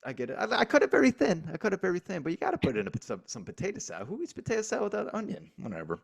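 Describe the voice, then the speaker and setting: A high-voiced man races through casual conversation on a sports podcast he co-hosts, his voice showing vocal fry and a breathy edge. He's emphatic and energetic and laughs frequently.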